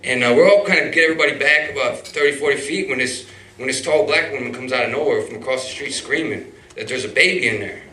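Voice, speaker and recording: On stage before a live audience, a man tells a personal story in a rambling way, with restarts, fillers and swearing. His voice is medium-pitched, fast, bright and forceful, recorded in a roomy hall with the mic far off.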